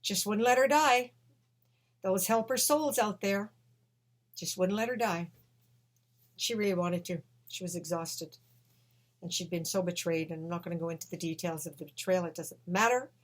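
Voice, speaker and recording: Woman telling a dramatic story, gets loud then quiet, kinda lowish voice, swears a bit. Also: normal speed, pauses often. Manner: emphatic, swings between hushed and loud, swears. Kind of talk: emotional personal storytelling.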